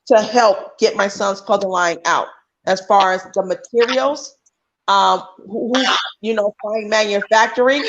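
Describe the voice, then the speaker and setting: A woman's voice: medium pitch, lo-fi sound, slight background noise. Emphatic woman on a call. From United States. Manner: emphatic, restarting often. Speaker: livestream guest. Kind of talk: casual chat.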